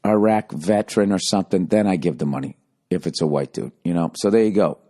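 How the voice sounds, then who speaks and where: A man's voice: deep voice, fairly quick, dark tone. A man hosting a podcast, telling a comic story in a rambling, profane, conversational way with constant "you know"s. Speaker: podcast host. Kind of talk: casual comedic storytelling monologue.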